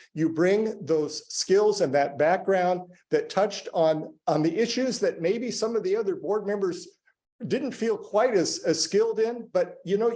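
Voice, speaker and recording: A man giving halting public remarks to a school board, with many fillers and restarts. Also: high-pitched, dark tone. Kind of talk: public comment at a board meeting. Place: public meeting room.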